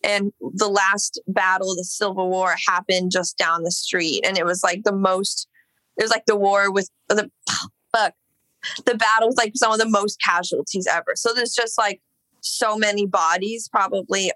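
A woman's voice: medium pitch, fairly even intonation, normal speed, pushed and bright, no echo, poor audio. A young woman from Los Angeles telling a long story in casual chat, rambling with lots of "like" and swearing. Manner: rambling, heavy filler "like", swearing. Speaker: singer, podcast guest.

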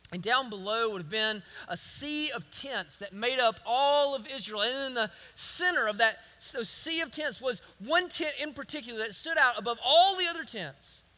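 A man with a strikingly high voice delivers a sermon as a pastor. His tone is sharp and piercing, and he drives each point home with emphatic repetition. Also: animated, normal speed.

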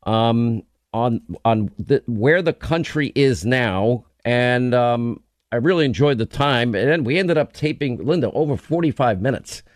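A man's voice: mid-range voice, measured pace, dry recording. New York man, dry studio sound. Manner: rambling, many restarts and laughs. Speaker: radio show host. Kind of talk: casual radio chat.

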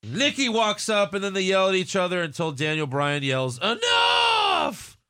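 A man's voice: high voice, moderate pace, bright, forceful tone, clean tone. A man hosting a casual podcast chat, recapping events with sarcastic, jokey asides. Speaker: podcast host recapping wrestling.

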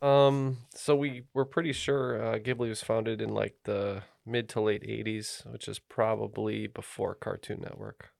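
A man's voice: fairly low pitch, level tone, a little slow, vocal fry, few pauses, a little mellow, no room sound, studio quality. A man co-hosting a trivia podcast, joking and keeping score in casual chat.

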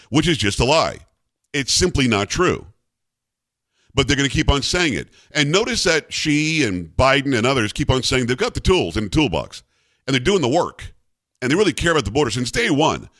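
A man hosting a political commentary show, talking in a sarcastic, animated way. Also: medium pitch, dry recording, studio quality. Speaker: talk show host.

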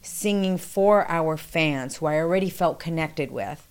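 A woman recounting a past experience in conversational storytelling, acting out quoted dialogue with animated pitch jumps. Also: unhurried, smooth. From New York City.

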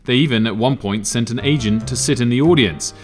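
Man narrating a documentary, calm and explanatory, soft guitar under it. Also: medium pitch. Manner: measured, explanatory.

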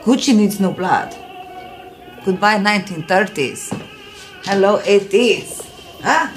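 A flattering Italian wife. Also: female voice, medium pitch, takes it slowly, low-quality recording. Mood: coaxing. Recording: film clip with faint music.

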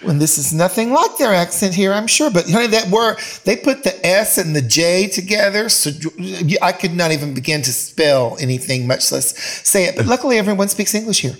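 A man's voice: sits high, animated, fairly quick, few pauses, fairly bright tone. A man hosting a casual chat, campy and bawdy, calling people honey. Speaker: host.

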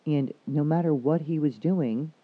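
A man's voice: a little high, unhurried, slightly rough. A man working as a counselor, talking casually and frankly, swearing freely as he explains things. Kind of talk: casual chat. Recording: dull lo-fi recording.

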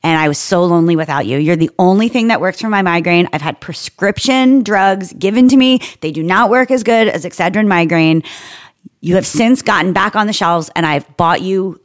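A woman's voice: fairly low pitch, normal speed. A woman in her thirties co-hosting a casual chat podcast, blunt and jokey, swearing freely. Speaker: podcast co-host.

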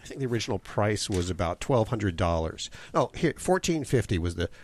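A man's voice: lowish voice, sing-song, fairly quick, darkish tone, slight background noise. A man hosting a pet radio talk show, chatting casually and earnestly urging listeners.

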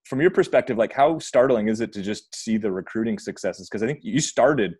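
Low-voiced man in casual sports talk. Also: expressive, a little fast, darkish tone, slightly rough, dry recording. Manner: rambling, self-correcting, chatty. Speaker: podcast host.

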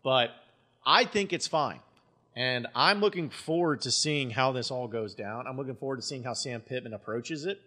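A man hosting a sports podcast, talking casually in animated bursts, full of restarts and fillers. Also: mid-range voice, moderate pace. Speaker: podcast host.

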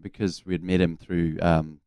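A middle-aged man with a New Zealand accent, co-hosting a sports radio show and telling relaxed, self-deprecating stories. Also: deep voice, normal speed, clean tone, dry recording, studio quality. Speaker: radio co-host, former cricketer. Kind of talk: casual sports radio chat.

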